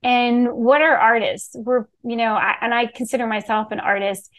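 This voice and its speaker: A middle-aged woman from Key West, a real estate executive telling stories in a bubbly, animated way as a podcast guest. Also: a little high, moderate pace. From Key West, Florida. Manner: bubbly, animated, acts out quoted voices. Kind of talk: casual storytelling interview.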